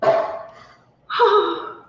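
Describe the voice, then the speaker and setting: Speaking extremely slowly, a woman hosts a crafting livestream, chatting excitedly as she works and squealing high at anything that thrills her. Her phrases echo long in a roomy space, over a faint hum in dull, lo-fi audio.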